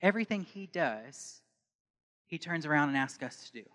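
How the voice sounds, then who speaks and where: A pastor preaches to his congregation in a sermon, his voice high and bright. A long reverb trails each line through the church hall. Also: moderate pace. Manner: builds from calm teaching to loud impassioned preaching.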